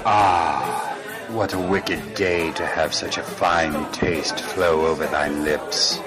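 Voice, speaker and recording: A man's voice: a bass voice, takes it slowly, over music. A man putting on a pompous, tipsy mock-Shakespearean voice. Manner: pompous, theatrical. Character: drunken man speaking mock-Shakespearean English.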